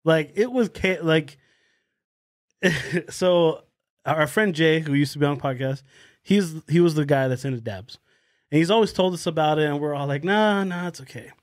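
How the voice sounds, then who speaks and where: A man's voice: a little high, moderate pace, no echo, clean studio sound. A young man on a podcast, telling a wild story with lots of swearing and laughing along the way. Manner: animated storyteller, swears freely, laughs through his story. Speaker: podcast co-host. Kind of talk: casual podcast chat.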